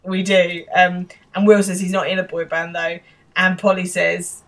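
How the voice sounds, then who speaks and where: A woman's voice: on the low side, level tone, normal speed, low-quality recording. A woman from England co-hosting a podcast, animatedly retelling a sitcom and voicing its characters' lines. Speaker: podcast co-host. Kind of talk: casual chat recapping a show.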